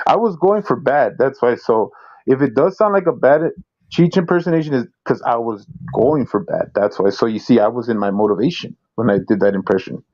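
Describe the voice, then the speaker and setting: A man's voice: mid-range voice, expressive, normal speed, a little mellow. A man co-hosting a casual livestream, giggling and making jokes at his own expense. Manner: giggly, self-mocking jokes. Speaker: stream co-host. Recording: dull lo-fi audio.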